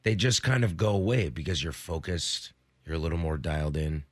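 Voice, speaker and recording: A low-voiced man co-hosts a casual sports talk show while fighting the hiccups. His delivery is lively and rises and falls a lot as he tells stories. The sound is close and dry. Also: fairly quick, no echo. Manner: chatty, animated storyteller. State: has the hiccups. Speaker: podcast co-host. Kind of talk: casual sports radio chat.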